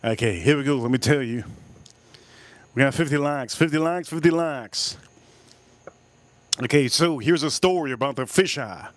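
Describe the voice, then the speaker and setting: Guy on a livestream rambling thru a crude story, repeats stuff a lot, dry sound, middle pitch. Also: no room sound. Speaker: livestream host.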